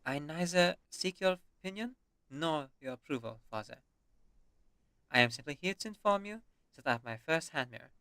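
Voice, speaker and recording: A man's voice: a little high, expressive, moderate pace, bright, forceful tone, no room sound, pitched above the performer's own voice. A man reading a cool, defiant young noblewoman. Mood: cold. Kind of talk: reading game dialogue aloud.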